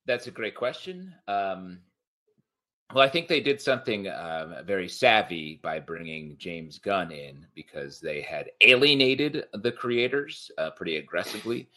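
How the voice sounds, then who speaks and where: A man's voice: low voice, unhurried. A man co-hosting a casual podcast chat, joking and rambling about beers and comics. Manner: animated, jokey, rambling. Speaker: podcast co-host.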